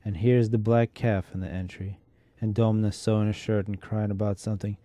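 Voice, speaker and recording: A man reads a literary story aloud at an unhurried, measured pace. His voice is very dark and mellow and slightly low, and it is recorded close and dry with no room sound. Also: little pitch movement, no room sound. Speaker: narrator.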